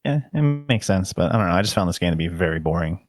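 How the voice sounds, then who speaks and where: A man's voice: low-pitched, lively intonation, fast talker, no echo. A man on a podcast talking casually and with a drawl, sounding unimpressed with a game. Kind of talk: casual chat.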